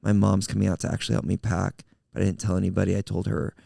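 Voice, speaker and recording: A male pastor in casual podcast chat, telling a story in an animated way and acting out the quotes. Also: deep voice, fast talker, vocal fry, dry recording, studio quality.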